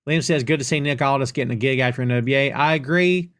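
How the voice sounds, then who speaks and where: A middle-aged man hosting a podcast, reading out viewer questions and answering them with playful sarcasm in a relaxed live chat. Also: medium pitch, quick pace, soft background music. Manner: reads viewer comments aloud and reacts with playful sarcasm. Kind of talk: casual live-stream chat.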